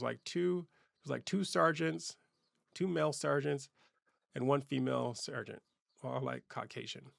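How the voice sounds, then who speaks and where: Gravelly man in his forties telling a story. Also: mid-range voice, fairly bright tone, no room sound, studio quality. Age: 40s. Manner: casual, loose, with frequent fillers and restarts. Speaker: host. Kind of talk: personal storytelling.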